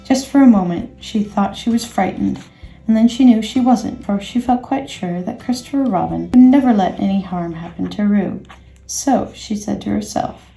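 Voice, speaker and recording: Woman reading a kids book out loud, mellow warm voice, echoey room, soft music. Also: mid-range voice, moderate pace, vocal fry. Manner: gentle, expressive storytelling. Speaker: storyteller. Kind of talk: reading a children's book aloud. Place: indoors, workspace.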